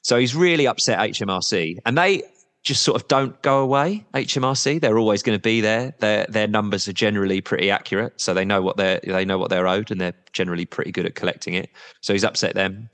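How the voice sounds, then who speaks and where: Man, very low voice, candid, rambling, blunt, long reverb. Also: fast talker, a bit bright. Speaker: football supporters' trust representative. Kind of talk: podcast interview guest.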